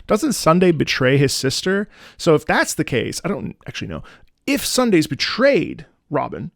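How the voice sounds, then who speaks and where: Man, opera singer, casual music commentary, analytical, scats melodies, slightly high voice, very animated pitch. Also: moderate pace, creaky, dry recording, studio quality. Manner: analytical, hums and scats the melody while explaining. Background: game music playing.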